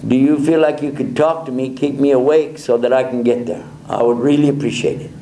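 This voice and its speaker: A man's voice: mid-range voice, fairly even intonation, fairly quick, mellow, a little hiss or hum, lightly acted. A male preacher voicing a tired driver who politely and earnestly asks a stranger for help. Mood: pleading. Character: tired young man driving, pleading politely. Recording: echoey hall with faint ambience.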